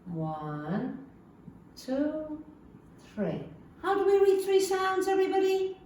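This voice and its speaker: A woman teacher leading a phonics lesson for young children, slowly sounding out letters in a sing-song way. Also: sits high, darkish tone. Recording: echoey room, far from the mic, faint background hiss.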